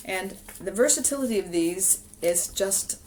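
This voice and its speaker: A woman teaching music, speaking straight into the camera she films herself with. Her manner is relaxed and explanatory, with a mid-range voice. A faint background hiss sits under her talk. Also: mid-range voice, unhurried. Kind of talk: instructional video talk.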